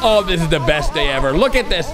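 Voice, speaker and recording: A young man hosting a reaction video, excitable and loud, often laughing and shouting as he comments. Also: a little high, quick pace. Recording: music playing underneath.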